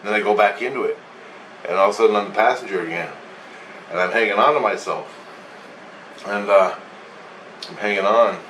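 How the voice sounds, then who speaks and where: A man's voice: fairly low pitch, fairly quick, long pauses, fairly bright tone. A man casually recounting a dream, meandering and swearing freely as he goes. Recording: echoey room, distant mic, faint hum.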